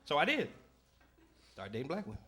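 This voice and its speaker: Speaking briskly in a voice on the high side, a male stand-up performs to a club audience, telling animated stories and shifting into family voices. The live recording picks up the noisy crowd.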